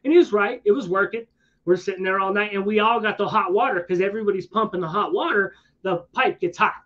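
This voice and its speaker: A man's voice: high-pitched, fast. A man telling a long, rambling story in casual conversation, with slangy asides and frequent restarts. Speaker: streamer. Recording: dull lo-fi sound.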